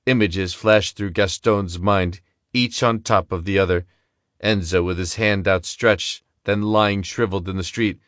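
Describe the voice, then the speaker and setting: A male audiobook narrator with a low-pitched voice, reading in a steady, measured way. The sound is dry and close, with no room echo. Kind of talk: scripted narration.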